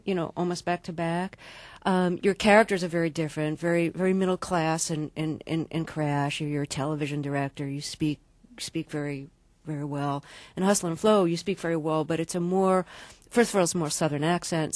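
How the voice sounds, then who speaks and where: A woman hosts an interview, posing her questions in a measured, thoughtful way. Her voice sits a little low for a woman. The sound is close and dry. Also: dry recording. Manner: measured, asks questions, trails off softly. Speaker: interview host. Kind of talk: radio interview.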